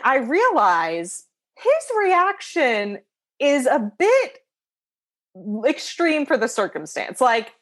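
A woman guest on a podcast, telling an everyday story in an animated, expressive way and laughing often. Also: medium pitch. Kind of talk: casual conversational storytelling.

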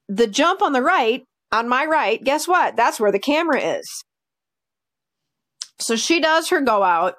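A woman dog trainer telling stories in a casual podcast chat, animated and full of fillers. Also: fairly high pitch, no room sound, clean studio sound. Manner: chatty, animated, with many fillers like "like" and "you know".

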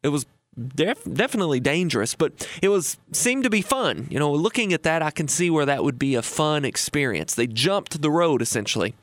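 A man's voice: fairly high pitch, very animated, a little fast, no echo. A man in his thirties hosting a radio show on retirement, telling a story in a folksy, chatty way with fillers and restarts. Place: radio studio.

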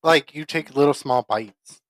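A man's voice: mid-range voice, measured pace, fairly bright tone, no room sound. Man, podcast co-host, casual chat, rambling with fillers, talks while eating, dry sound. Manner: rambling, heavy use of "like" fillers. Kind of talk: casual late-night chat.

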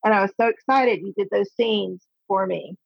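Woman author guest, friendly and teasing, gravelly husky voice, kinda dull audio. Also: medium pitch, normal speed, no echo. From Texas. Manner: friendly, teasing, laughs at herself. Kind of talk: casual interview chat.

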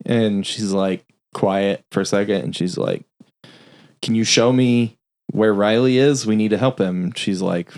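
A man's voice: lowish voice, fairly even intonation, darkish tone. Casual, swearing podcast man recapping a film. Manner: loose, profane plot recap with quick voiced-out quotes. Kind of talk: casual film review chat.

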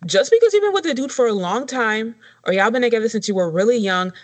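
A woman's voice: fairly high pitch, animated, fast. A woman co-hosting a podcast in casual chat, making blunt, sassy asides. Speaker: podcast co-host.

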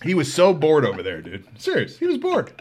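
Podcast guy telling wild stories, cussing n laughing, pitch all over the place. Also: a little fast, slightly rough. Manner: animated, profane, laughing. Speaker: podcast host. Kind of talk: comedic storytelling.

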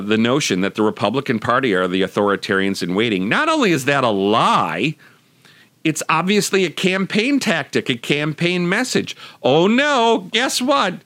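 Man, podcast host, mocking commentary, lively pitch, dry recording. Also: moderate pace, dry recording. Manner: sarcastic, mocking. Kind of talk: political media commentary.

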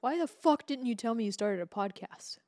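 A woman co-hosting a podcast, telling a story casually, animated and laughing as she acts out what others said. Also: fairly high pitch, normal speed, no echo, studio quality. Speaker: podcast co-host.

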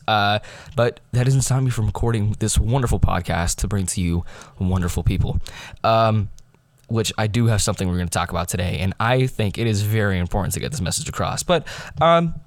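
A man's voice: lowish voice, lively intonation, moderate pace, no echo. Scatterbrained teenage boy podcasting from his room. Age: teens. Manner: scatterbrained, loses his train of thought, self-correcting. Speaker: podcast host. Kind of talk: rambling solo podcast.

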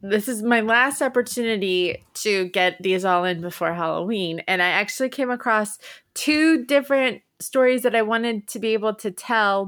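A woman chats casually as a podcast co-host. She reacts with lively exclamations. Her pitch is ordinary for a woman. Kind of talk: casual chat.

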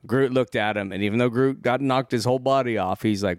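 A man's voice: mid-range voice, brisk, smooth, no echo, studio quality. A man co-hosting a podcast, casually recapping a film in a rambling, profane way. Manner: rambling, profane, acts out lines from the movie. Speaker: podcast co-host. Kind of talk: casual movie discussion.

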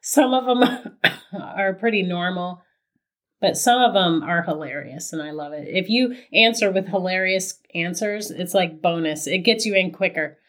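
A woman hosting a podcast in casual chat, relaxed and playful, laughing often. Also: on the low side, moderate pace. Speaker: podcast host.

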